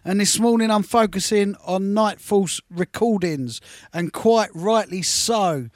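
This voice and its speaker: A man's voice: sits high, a little slow, no room sound, studio quality. A man hosting as a rave music DJ, chatting casually and enthusiastically, repeating words in bursts. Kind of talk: casual chat.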